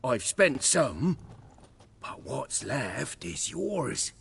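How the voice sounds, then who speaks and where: An actor playing a crude young village drunk and arsonist in a video game, talking in hostile, coarse bluster. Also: male voice, mid-range voice, big pitch swings, drawn-out words, vocal fry, noisy background, exaggerated voice. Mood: surly.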